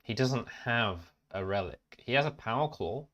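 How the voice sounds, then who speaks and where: A man's voice: mid-range voice, expressive, moderate pace, highs cut off, over a noisy crowd. A man co-hosting a podcast, talking casually and bluntly with a lot of swearing. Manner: blunt, sweary, complaining about game rules. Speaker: podcast co-host. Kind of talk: casual chat.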